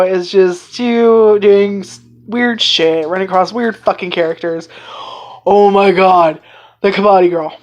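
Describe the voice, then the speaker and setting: A woman giving a casual, rambling anime review, excitedly retelling scenes and swearing freely. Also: medium pitch.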